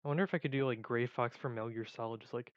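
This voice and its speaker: A man's voice: mid-range voice, rapid-fire, no room sound, dull audio. A man in a casual vlog who rambles and jokes at his own expense. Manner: rambling, joking, self-mocking. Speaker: video creator.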